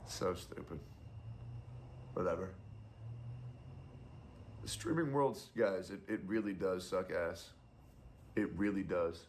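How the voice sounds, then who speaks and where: A man's voice: low-pitched, takes it slowly, long pauses, a little hiss or hum. A young adult man streamer giving casual, blunt and profane commentary.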